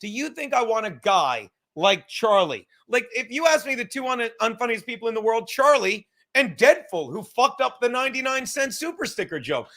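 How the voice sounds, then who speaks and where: High, bright-voiced profane rambling man. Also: sing-song, normal speed, few pauses. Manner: loud, rambling, profane, reading chat comments aloud. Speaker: livestream podcast host. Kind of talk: casual chat.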